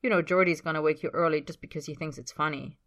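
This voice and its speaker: A woman's voice: low voice, fairly even intonation, fast talker, fairly bright tone. A woman voicing a tired, careful older male team captain.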